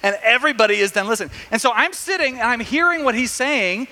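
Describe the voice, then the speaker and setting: A man preaching a sermon, telling a story in a lively way with many restarts. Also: very high-pitched, quick pace, in a large hall.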